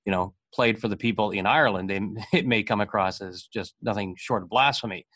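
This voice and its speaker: Casting: quick, slightly low-voiced male host, eager and chatty. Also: fairly bright tone. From North America. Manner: quick, eager, many restarts. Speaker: podcast host. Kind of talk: casual interview talk.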